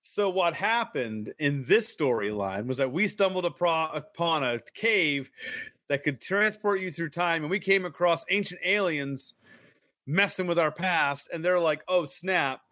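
A man's voice: on the high side, animated, unhurried, sharp tone, no echo. A man co-hosting a live stream, reading an adventure book aloud with jokey, playful asides. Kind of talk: casual live-stream read-along.

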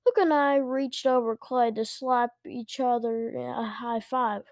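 Lady reading a kids book out loud, slow and careful, dry close sound. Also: on the high side, fairly even intonation, no echo. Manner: careful, with small restarts. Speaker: story reader. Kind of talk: reading a children's book aloud.

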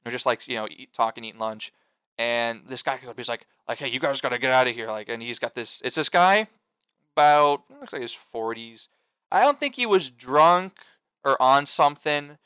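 A man's voice: mid-range voice, animated, normal speed, pushed and bright, smooth, dry recording. A young man telling stories in casual chat with friends, rambling and swearing, full of fillers and restarts. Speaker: storyteller among friends.

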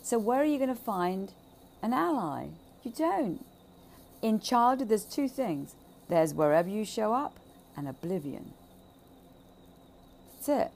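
Emphatic woman with a gravelly voice. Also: medium pitch, big pitch swings, measured pace, pauses often, slight background noise. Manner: emphatic, swearing, repeats phrases, swings between loud and hushed. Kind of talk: impassioned monologue on childhood trauma.

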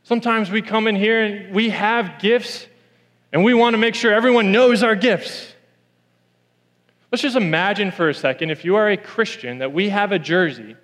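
A man's voice: high-pitched, a bit bright, big-room sound. A man preaching a sermon in a church, telling a story and repeating key lines for emphasis.

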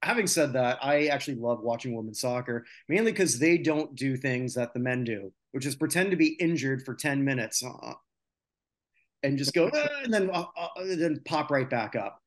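A man's voice: mid-range voice, lively intonation, normal speed, few pauses. Opinionated man venting about sports. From North America. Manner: opinionated, ranting, many filler "uh"s. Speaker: podcast host. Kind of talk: casual sports chat.

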